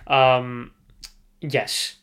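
An Australian man holds forth alone on his podcast, hammering his points home by saying them again and again. He talks at a middling pitch and swears without a second thought. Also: flat delivery, drawn-out words, fairly bright tone. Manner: emphatic, repeats himself, swears freely. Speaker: podcast host. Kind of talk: solo sports podcast rant.

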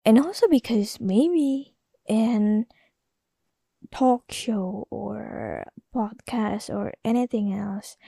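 A woman's voice: medium pitch, creaky, dark tone, no echo, studio quality. A young woman from Indonesia, talking in a rambling, casual solo podcast monologue full of fillers and self-corrections. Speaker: podcast host.

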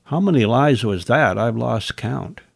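A man narrates a Bible lesson and comments wryly on the scripture he reads. His voice has some gravel and moves through a wide pitch range. The sound is close and dry. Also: expressive, unhurried, no echo. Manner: wry asides between scripture readings. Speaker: Bible teacher.

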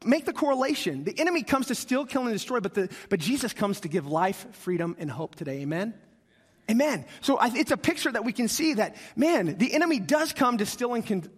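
High-voiced preacher in a reverberant hall. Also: male voice, breathy edge. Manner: animated, acts out quoted voices, asks the congregation. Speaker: pastor. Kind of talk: sermon. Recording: long reverb of a large hall.

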